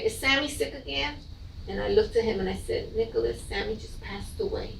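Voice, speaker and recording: A middle-aged woman, a mother, gives an emotional, halting personal account of her child's death, often repeating her words. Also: a little high, slight background noise. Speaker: bereaved mother telling her story. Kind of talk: personal testimony. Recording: echoey room, from a distance.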